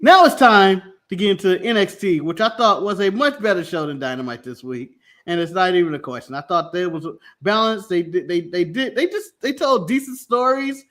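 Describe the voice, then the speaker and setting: A man co-hosting a casual wrestling recap podcast, laughing and swearing through animated rants. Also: high-pitched, normal speed. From United States. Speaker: podcast co-host.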